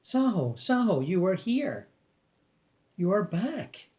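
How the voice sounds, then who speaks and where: A man's voice: sits high, big pitch swings, darkish tone, pitched above the performer's own voice, heavily acted. A man doing a joyful old spirit teacher with a thick Chinese accent. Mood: delighted. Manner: slow, majestic, enthusiastic.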